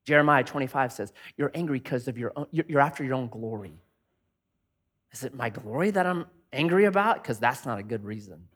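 A man's voice: mid-range voice, expressive, a little fast. A man preaching a sermon in a conversational way, asking many rhetorical questions and acting out angry inner voices. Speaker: pastor.

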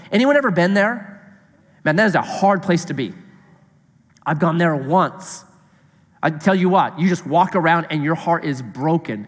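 Lively high-voiced pastor in a reverberant hall. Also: male voice. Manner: animated, rhetorical questions to the congregation. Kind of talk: sermon.

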